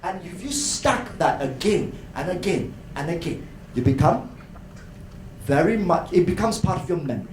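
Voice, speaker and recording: A man giving an animated educational talk at a conference, often addressing the crowd as ladies and gentlemen. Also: a little high. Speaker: conference speaker. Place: hotel conference hall. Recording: echoey hall, faint noise.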